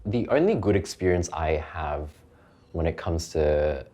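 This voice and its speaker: A man's voice: a bass voice, animated, a little slow, warm tone. A young man giving a casual, blunt and joking testimonial. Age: young adult. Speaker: interviewee. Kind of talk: candid testimonial.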